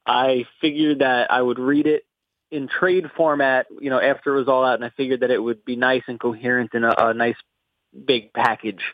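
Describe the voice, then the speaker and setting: A man calls in over a tinny phone line to chat casually, sounding relaxed and amused and laughing easily. His mid-range voice is dry and close, with the narrow, squeezed sound of a phone call. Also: medium pitch, moderate pace, no room sound. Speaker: editor-in-chief, phone guest. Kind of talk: casual comic book chat.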